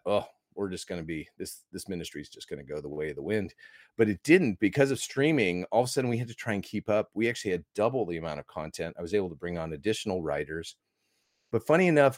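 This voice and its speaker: A man's voice: fairly low pitch, no echo, clean studio sound. A middle-aged American man, a guest movie critic, telling his story in a rambling, enthusiastic way. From United States. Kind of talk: casual interview talk.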